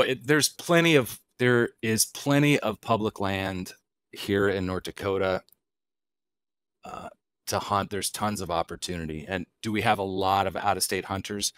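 Man, middle-aged, low voice, dry close mic, relaxed podcast guest, storytelling, answers his own questions. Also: a little slow, clean tone, no room sound. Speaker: guest, wild game chef. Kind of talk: casual podcast conversation.

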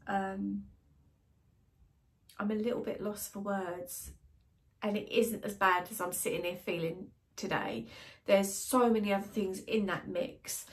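A British woman vlogging to her viewers, sad and emotional, talking in a hesitant, halting way with many restarts. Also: mid-range voice. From Britain. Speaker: wellbeing vlogger. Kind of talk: casual emotional vlog to camera.

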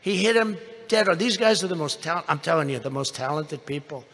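A man's voice: on the high side, expressive, fairly quick, fairly bright tone, husky. An older man giving a rambling rally speech, telling an anecdote full of repeated superlatives and asides. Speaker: rally speaker. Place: large indoor convention venue. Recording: long reverb of a big arena.

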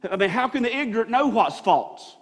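A man's voice: extremely high pitch, animated, fairly quick. A man preaching a sermon as pastor, stumbling through restarts and building emphasis. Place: church sanctuary. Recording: long reverb of a church hall.

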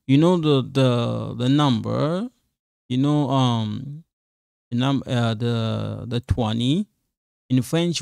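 Slow, patient male French teacher. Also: mid-range voice, creaky, a little mellow, no room sound, studio quality. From Congo. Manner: patient, repeats phrases slowly for learners. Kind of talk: quiz walkthrough lesson.

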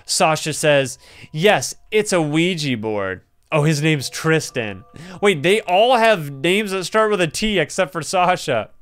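An excitable young man reads game story dialogue aloud and reacts to every turn. His voice sits a little high and comes through smooth and clear. Faint music plays underneath. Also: unhurried. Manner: excitable, laughs and gasps often. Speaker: gaming YouTuber.

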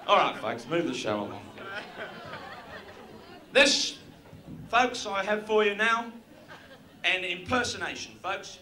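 Onstage before a live crowd, an Australian comedian aims crude, brash jokes at the audience in a high-pitched, sing-song voice that's pushed and bright. He takes it slowly and pauses often, and the roomy venue recording picks up the audience.

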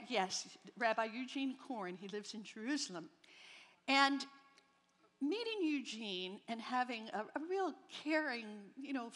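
A woman's voice: high-pitched, fairly bright tone. A woman in her seventies from New Jersey, giving a humorous, candid faith testimony at a rally. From New Jersey, near New York City. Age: 70s. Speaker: speaker at a Christian rally. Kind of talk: personal faith testimony to an audience. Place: large hall at a rally. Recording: long reverb of a large hall.

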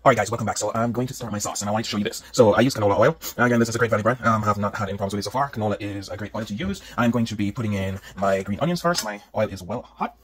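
Cooking dinner in his home kitchen, a Jamaican-accented home cook from Jamaica narrates his vlog in an upbeat chat with viewers. He speaks rapid-fire with few pauses in a fairly low voice, over a loudly sizzling pan.

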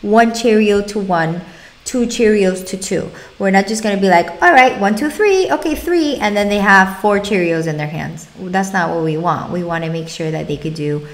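A young adult woman, a speech-language pathologist, talking parents through exercises in an upbeat way and stretching out words slowly to demonstrate. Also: lowish voice, fairly even intonation. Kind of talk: instructional talk to parents.

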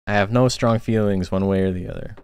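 Low-voiced man chatting casually on stream. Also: fairly even intonation, fairly quick, darkish tone, clean tone. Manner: chatty, rambling, frequent filler words. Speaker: tournament commentator and streamer.

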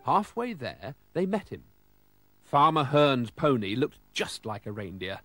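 A man reading a children's storybook aloud with lively, expressive storytelling. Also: medium pitch, unhurried, soft background music.

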